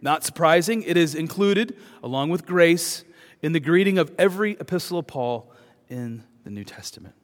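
Man, pastor, sermon, raised voice, loud bursts and hushed drops, long hall reverb. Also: a little high, expressive, moderate pace. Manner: swings from loud urgent emphasis to soft hushed words. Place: church.

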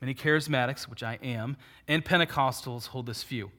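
A male pastor preaches an animated sermon at a brisk pace and medium pitch. He poses rhetorical questions and answers them himself, swinging from loud, emphatic peaks to quiet asides.

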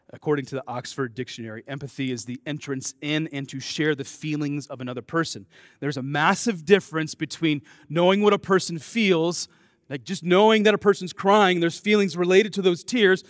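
A man preaching a sermon to his congregation. He swings between soft, intimate asides and loud, emphatic declarations, with casual, self-deprecating remarks. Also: on the high side, dry recording, studio quality. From American Midwest. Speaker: pastor.

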